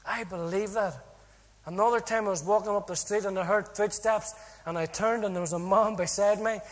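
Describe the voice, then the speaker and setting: A Northern Irish man shares his testimony in a strikingly high voice, animated and funny, playing out every exchange as he goes. His words ring out with a long reverb, like a big hall. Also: brisk. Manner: animated, humorous storytelling with acted-out dialogue. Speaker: speaker giving a personal testimony. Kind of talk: storytelling testimony.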